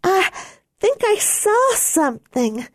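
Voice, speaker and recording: A woman voicing a frightened teenage girl who talks in a high, trembling, crying voice in an audiobook. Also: big pitch swings, slow, dry recording, clean studio sound, full character voice. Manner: high trembling breathless pleading. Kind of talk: audiobook character voice.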